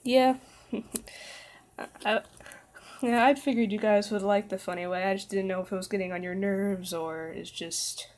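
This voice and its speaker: A woman's voice: medium pitch, steady tone, moderate pace, a little mellow, a little hiss or hum. Tired young woman, casual stream reader, stumbles and self-corrects, jokey. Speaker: reader of fan fiction. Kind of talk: casual read-aloud livestream.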